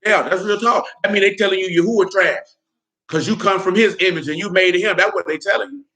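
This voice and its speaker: In a high-pitched, bright, forceful voice at a brisk clip, a podcast host delivers casual commentary that is heated, blunt and full of profanity. He often asks "you know what I'm saying" to confirm listeners are following.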